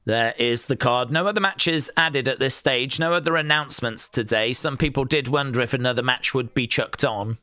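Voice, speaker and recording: A man's voice: medium pitch, moderate pace, few pauses, sharp tone, dry recording. A man hosting a live watch-along stream, chatting casually and joking in rambling asides.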